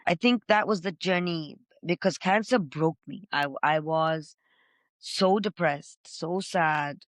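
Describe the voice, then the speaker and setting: A middle-aged woman, a podcast guest, telling her own story with feeling, loud and gregarious by her own account. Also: fairly low pitch, takes it slowly, dry recording, clean studio sound. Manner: expressive, says she is loud and gregarious. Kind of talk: emotional personal storytelling.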